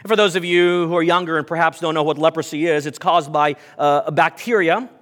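A man's voice: fairly high pitch, a little fast, a bit bright, in a large hall. A man preaching a sermon to his congregation, telling stories and reading scripture aloud. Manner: storytelling, reads scripture aloud, addresses congregation. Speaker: pastor.

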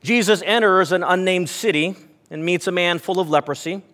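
A pastor addresses his congregation in a large hall, his voice sitting high with a fairly bright tone and a moderate pace. His sermon mixes storytelling with scripture read aloud.

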